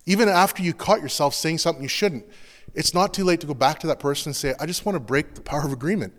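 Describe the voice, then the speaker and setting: A pastor giving an earnest, confessional sermon in a loose, conversational way, full of casual fillers. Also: male voice, fairly high pitch, fast talker, fairly bright tone, big-room sound.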